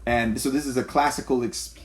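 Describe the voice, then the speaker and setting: A man's voice: medium pitch, a little fast. A man from Canada, a pastor, talking in a church conversation and acting out the people in his stories. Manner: animated storyteller, acts out quotes.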